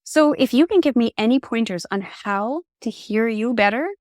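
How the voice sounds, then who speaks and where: A woman in her forties, a podcast guest, telling a personal story in an expressive, candid way. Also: a little high, normal speed, dry recording, clean studio sound. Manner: candid and reflective.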